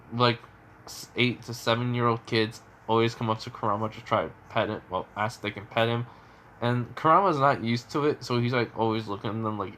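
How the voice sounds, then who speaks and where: A man's voice: medium pitch, bright, forceful tone, slight background noise. A man casually retelling a story, rambling with lots of fillers and restarts.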